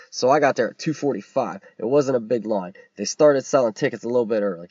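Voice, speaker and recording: A man's voice: mid-range voice, fast talker, few pauses, darkish tone, no room sound. Rambling, profane man, dull podcast sound. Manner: rambling, profane, lots of fillers. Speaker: podcast co-host. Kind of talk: casual chat, movie recap.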